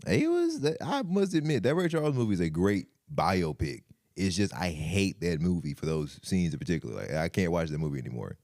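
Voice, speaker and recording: A man's voice: deep voice, big pitch swings, brisk, darkish tone, dry recording. A man co-hosting a podcast in casual chat, slangy and cracking dry jokes. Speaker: podcast co-host.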